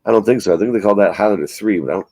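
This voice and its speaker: A man's voice: fairly low pitch, rapid-fire, mellow, no echo. A man hosting a casual live stream, rambling and swearing as he chats about movies. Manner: rambling, profane, self-mocking. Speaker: livestream host.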